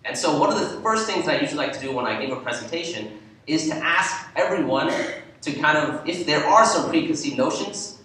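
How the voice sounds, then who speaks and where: A man, an imam, gives a talk in a church, telling an animated story to warm up the audience. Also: a little high, fairly quick. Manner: animated storyteller, lively when quoting. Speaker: imam giving a presentation. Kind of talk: lecture with storytelling. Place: church hall. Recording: echoey hall, from far off.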